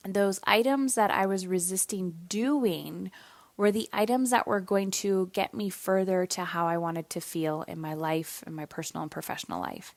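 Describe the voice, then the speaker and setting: A woman's voice: mid-range voice, no room sound. A woman in her thirties hosting a solo podcast, talking candidly and casually with some swearing, tired and yawning. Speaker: podcast host.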